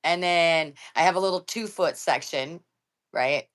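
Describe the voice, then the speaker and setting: A woman's voice: lowish voice, a little slow, fairly bright tone. An older woman with grandchildren, chatting casually on a live stream, blunt and joking.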